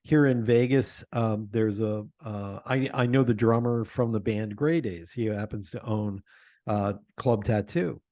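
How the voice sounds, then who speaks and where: A man guesting on an interview podcast, telling animated stories about his own show and laughing often. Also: on the low side, a little slow, no room sound. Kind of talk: conversational interview.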